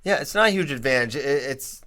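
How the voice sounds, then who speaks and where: A man co-hosting a casual sports podcast, talking in quick bursts and getting emphatic when he makes a point. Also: medium pitch. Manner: animated, rising emphatically when making a point. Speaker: podcast co-host.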